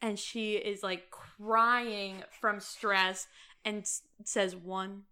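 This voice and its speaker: Brief: young woman co-host, sharp bright tone, hesitant rambling chat with giggles. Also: mid-range voice, fairly even intonation, extremely slow, a little hiss or hum. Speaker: podcast co-host. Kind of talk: casual chat.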